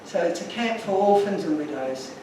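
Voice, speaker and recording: A man's voice: high-pitched, expressive, normal speed, mellow, a little hiss or hum. A man giving an emotional, earnest talk to an audience, telling stories with slides. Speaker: speaker. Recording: echoey room from far off.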